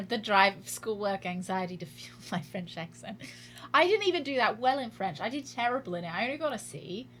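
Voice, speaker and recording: A woman's voice: mid-range voice, expressive, brisk, a bit bright, slight background noise. A woman streaming a game, chatting casually with a giggly, self-mocking manner. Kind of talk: casual gameplay commentary.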